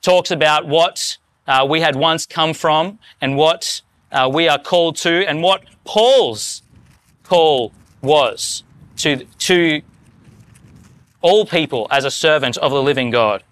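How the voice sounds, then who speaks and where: A man's voice: a little high, slow pace, fairly bright tone, clean tone. A man preaching a sermon to his congregation, earnest and rising to fervent emphasis. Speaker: pastor.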